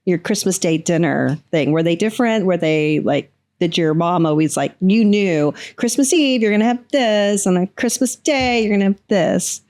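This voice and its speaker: A woman's voice: fairly low pitch, lively intonation, normal speed, few pauses, a little mellow. A woman podcast producer in casual chat, asking eager questions about holiday traditions. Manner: asks eager questions, laughs easily.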